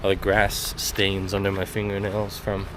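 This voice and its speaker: A man from the US talks in a deep, low voice, rambling and joking at his own expense as he walks outdoors. He films on a handheld phone, and clear outdoor noise runs under his voice. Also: monotone, normal speed. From United States. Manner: rambling, self-deprecating, many fillers. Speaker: travel vlogger. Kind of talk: casual walking vlog. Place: outdoors on a rural back road. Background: footsteps on gravel and leaves, outdoor sounds.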